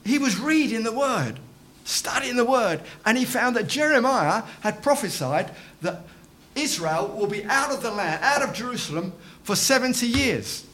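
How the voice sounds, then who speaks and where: A man's voice: very high voice, expressive, normal speed, fairly bright tone. A man preaching a sermon in church, emphatic, repeating his phrases and calling for amens.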